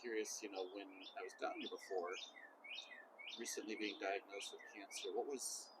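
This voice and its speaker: A man's voice: on the low side, steady tone, moderate pace, heavy background noise. A young adult man interviewing his mother, hesitant and full of fillers before each question. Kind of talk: casual family interview.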